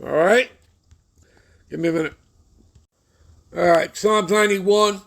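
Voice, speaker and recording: A man teaching a bible-study sermon, reading verses slowly and often stopping to check that listeners follow. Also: high voice, fairly even intonation, gravelly, a bit bright. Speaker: scripture teacher.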